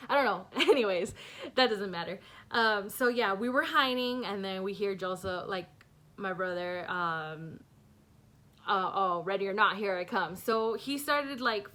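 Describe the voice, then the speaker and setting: A young woman with a mid-range, fairly bright voice tells a personal story in a casual vlog. She rambles, using many fillers and nervous laughs.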